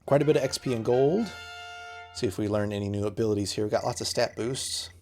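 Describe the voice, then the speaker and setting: A man giving relaxed, chatty commentary on a game playthrough, with faint game music behind. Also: lowish voice, quick pace. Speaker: gamer.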